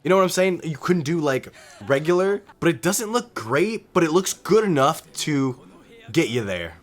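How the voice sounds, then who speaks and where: Excitable young man reacting, lively pitch. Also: moderate pace. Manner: excited, swears often, laughs a lot. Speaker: reaction video host. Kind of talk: casual reaction commentary.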